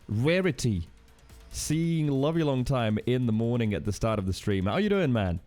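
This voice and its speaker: A man's voice: mid-range voice, big pitch swings, measured pace, darkish tone, faint music behind. A man streaming from home, chatting casually with viewers and reading chat aloud with teasing banter.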